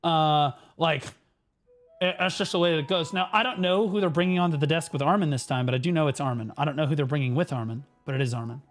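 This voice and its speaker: A young man telling a story on stream in a profane, excitable way, now and then bursting into shouts. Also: on the high side, fast talker, soft background music. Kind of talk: animated storytelling rant.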